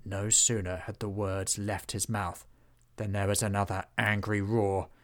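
A man who writes and narrates his own storybook series, reading in a measured storytelling cadence. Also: lowish voice, level tone, a bit bright. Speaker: author and narrator.

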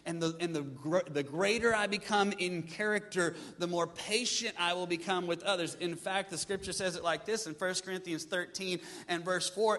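A pastor preaching a sermon with lively delivery, acting out his listeners' excuses in changing voices. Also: high voice, normal speed, few pauses, in a large hall. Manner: animated preaching, mimics congregants' excuses.

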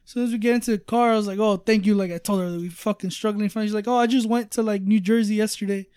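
A man's voice: sits high, steady tone, fast talker, a little mellow, smooth, no room sound, clean studio sound. A man telling a travel story in casual podcast chat, rambling with lots of fillers and swearing. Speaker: storyteller guest.

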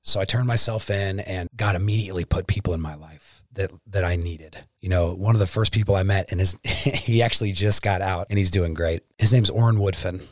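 A young man telling his own story as a personal testimony, candid and halting, filling his speech with "like" and turning quiet and earnest. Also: sits low, no room sound, clean studio sound.

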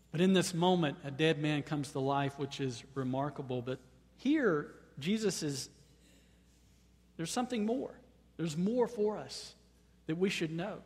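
A man preaching a sermon. He often repeats words as he starts a phrase, and at times he rises to loud, high-pitched proclamation. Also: long reverb tail. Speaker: pastor.

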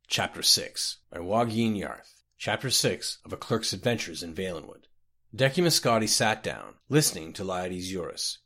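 A man hosting and reading a fantasy book aloud with an expressive, theatrical delivery. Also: lowish voice. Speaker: host and reader. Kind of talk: scripted storybook narration.

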